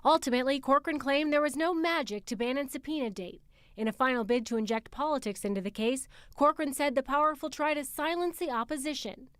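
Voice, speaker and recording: A woman correspondent reading a scripted news report in a crisp, measured way. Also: high-pitched, no room sound, clean studio sound.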